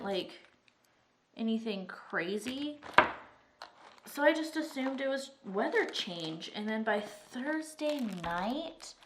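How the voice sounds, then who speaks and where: A woman's voice: on the high side, background noise. Chatty woman rambling over her craft. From Arizona, US. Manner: chatty, rambling, says "like" often. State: recovering from strep throat, breathing heavy. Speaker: vlogger. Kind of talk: rambling casual chat while crafting.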